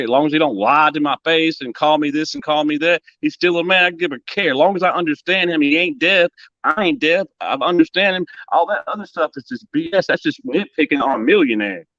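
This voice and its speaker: A man's voice: a little high, a bit bright, no room sound, muffled recording. A man in a barbershop debate, pushing back bluntly in casual talk. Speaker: panelist.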